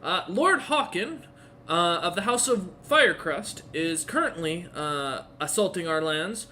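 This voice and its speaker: A man voicing a dutiful male city guard who reports to his lord in an earnest, halting way. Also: high voice, lively intonation, pushed and bright, slight background noise, heavily acted.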